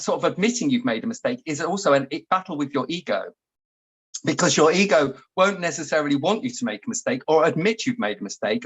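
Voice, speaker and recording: A man co-hosting a relaxed chat. He tells stories in a rambling way and gets animated when he acts out what he said. His voice sits a little high for a man. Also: breathy edge. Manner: chatty storyteller, animated when acting out his own outbursts. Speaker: co-host. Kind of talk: casual chat.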